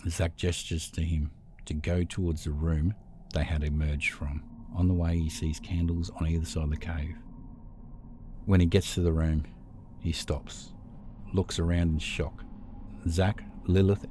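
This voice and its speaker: A man narrating a horror story script in a steady, measured way. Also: very deep voice, slight background noise.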